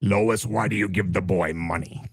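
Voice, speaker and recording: Man doing a gruff scolding farm dad. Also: low-pitched, steady tone, normal speed, pitched below the performer's own voice. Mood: stern. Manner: stern and scolding. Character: gruff, disapproving rural father.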